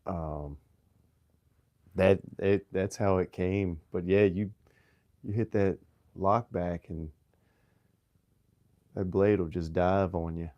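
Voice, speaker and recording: A man from Virginia with a light Southern accent, chatting casually with viewers on his livestream in a relaxed, halting way, often restarting and clearing his throat. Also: low voice, no room sound, lo-fi sound. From Virginia, USA. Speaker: livestream host.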